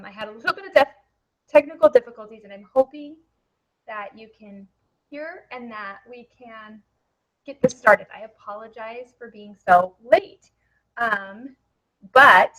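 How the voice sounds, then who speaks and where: A young woman talks into a headset microphone in a live webinar. She is excitable and chatty, with lots of fillers. Her voice sits a bit high for a woman. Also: low-quality recording. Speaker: network marketing presenter.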